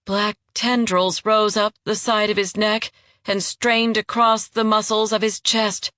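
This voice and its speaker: Scripted audiobook narration comes from a woman with a mid-range voice whose storytelling is measured and level. The sound is clean studio quality, free of echo.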